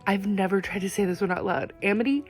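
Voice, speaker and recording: A woman's voice: mid-range voice, level tone, quick pace, faint music behind. A woman talking casually in a reading vlog, rambling with lots of "like" fillers. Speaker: reading vlogger.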